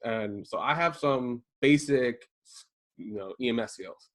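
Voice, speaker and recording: A man in his thirties from Maryland telling a story in casual chat, acting out the quotes with lively jumps in his voice. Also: a little slow. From Prince George's County, Maryland. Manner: animated, acts out quotes with big jumps in pitch. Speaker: podcast co-host telling a story.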